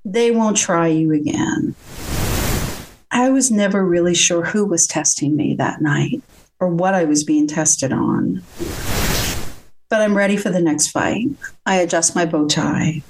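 A woman and boxing judge telling a true story from her own life in vivid, punchy present tense, with pauses. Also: lowish voice, darkish tone, slight background noise.

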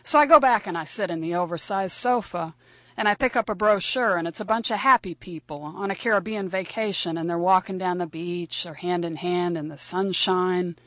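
A woman's voice: lowish voice, a bit bright, dry recording. A woman telling a first-person story in a wry, conversational and vivid way.

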